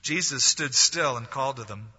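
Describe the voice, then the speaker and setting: A man's voice: medium pitch, normal speed, bright, forceful tone, husky. A man preaching a sermon as pastor, telling a story and acting out the voices of the people in it. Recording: dull lo-fi audio, long hall reverb.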